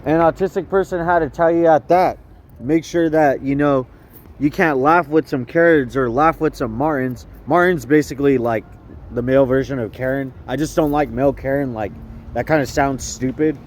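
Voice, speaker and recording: A man's voice: mid-range voice, moderate pace, slight background noise. A young man ranting outdoors in a rambling, profane way, often repeating himself and restarting his sentences. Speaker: vlogger. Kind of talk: rambling rant.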